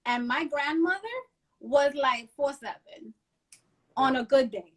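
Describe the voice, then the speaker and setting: A middle-aged woman from New Jersey, a guest telling animated stories in a casual interview and mixing in Spanish phrases. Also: sits high, slow pace. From Union City, New Jersey.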